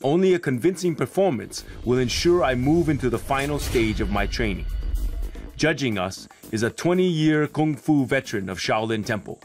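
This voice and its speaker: A documentary host training at a temple narrates his training and speaks candidly in interviews, earnest and self-deprecating. His voice is medium-pitched and a little mellow, with lively intonation at a normal speed. Soft music plays in the background.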